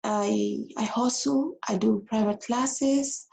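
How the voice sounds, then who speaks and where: Gravelly, emotional woman telling a story. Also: fairly high pitch, takes it slowly, rough recording. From abroad. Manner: animated, repeats herself. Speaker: vlogger. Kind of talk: casual storytelling vlog.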